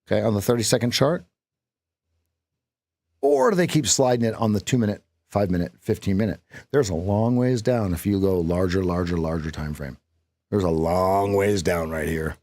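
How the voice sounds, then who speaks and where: A trading coach hosting a live stream talks in an animated, fairly low voice that swings freely up and down, working through sums out loud at a normal speed. He is chatty and cracks jokes he laughs at himself. The sound is close and dry, with no echo or room around it.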